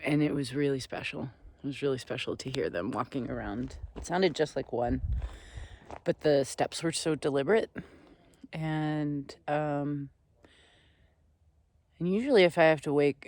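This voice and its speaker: A man vlogging outdoors at a desert campsite on a ridge, speaking in a slow, earnest, meandering way that sometimes sinks to soft near-whispers. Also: medium pitch, dry recording. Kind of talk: reflective spiritual vlog talk.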